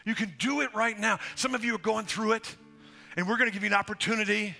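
A man's voice: high voice, fairly even intonation, fast, creaky. A man preaching a sermon as pastor, exhorting the congregation directly and quoting scripture. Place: church sanctuary. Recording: music under the voice. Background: band playing softly.

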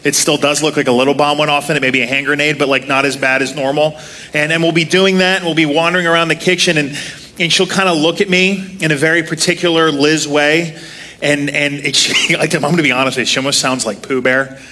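A man's voice: fairly high pitch, fairly even intonation, fairly quick, sharp tone. A man in his thirties preaching a casual sermon while seated, self-deprecating and joking as he tells stories. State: walking with a limp, sitting to preach.

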